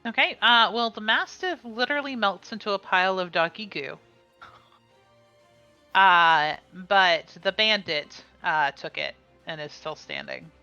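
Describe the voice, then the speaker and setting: A woman's voice: mid-range voice, unhurried, sharp tone, clean tone, dry recording, muffled recording, faint music behind. A woman running a tabletop game as game master, calling rolls and describing attacks with small laughs. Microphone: streaming mic.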